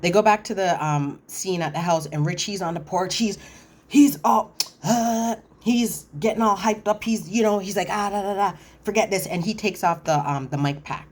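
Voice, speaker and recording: A woman casually recapping a reality TV episode, chatty and animated, acting out cast members' lines and correcting herself as she goes. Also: lowish voice, normal speed, hardly any pauses. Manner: animated, quotes cast members in voiced asides; chatty, frequent fillers and self-corrections.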